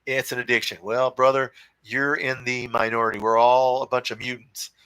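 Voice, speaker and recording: A man's voice: mid-range voice, level tone, moderate pace, sharp tone, smooth, no echo, low-quality recording. A man hosting a fan livestream, reading viewer comments and answering in blunt, profane, fired-up casual talk, calling people brother and dude. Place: home room with his cat nearby.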